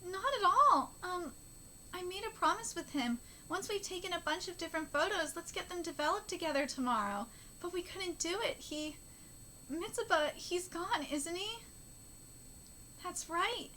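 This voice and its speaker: Woman reading as a soft-spoken grieving mother. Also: very high voice, lively intonation, normal speed, a little hiss or hum, voice pushed up, full character voice. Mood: sad. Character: grieving kind middle-aged mother, a nurse.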